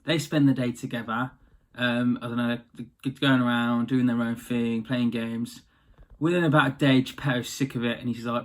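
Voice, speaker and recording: A man's voice: medium pitch, steady tone, normal speed. A man casually retelling a fairy tale, chatty and slangy. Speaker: storyteller.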